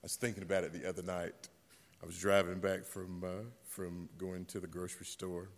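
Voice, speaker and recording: A man from South Carolina, preaching a sermon as pastor, telling stories and building to loud, emphatic refrains. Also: deep voice, little pitch movement, fairly quick, long reverb tail. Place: church sanctuary.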